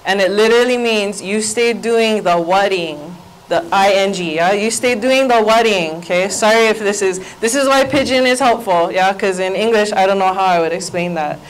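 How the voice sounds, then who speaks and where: A woman's voice: medium pitch, normal speed, low-quality recording. A woman with a Hawaii accent giving a playful workshop presentation as a Hawaiian language teacher, getting the audience to repeat phrases aloud.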